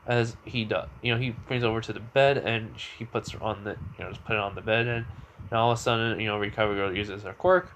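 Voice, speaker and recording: A man's voice: lowish voice, steady tone, quick pace, a bit bright, a little hiss or hum. A man telling an improvised fan story in a casual, rambling way, full of fillers and restarts.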